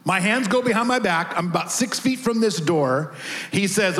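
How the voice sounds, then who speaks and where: A pastor telling a lively personal story at the start of his sermon, acting out the other people in it. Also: high voice, moderate pace. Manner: animated storytelling, acts out voices.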